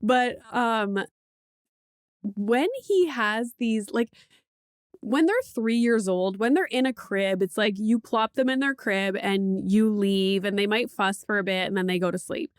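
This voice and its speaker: A woman's voice: medium pitch, a little slow, clear, resonant tone, dry recording, clean studio sound. A woman hosting a podcast in casual chat, telling a parenting story candidly, swearing freely and saying "like" often. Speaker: podcast host; mother of a young child.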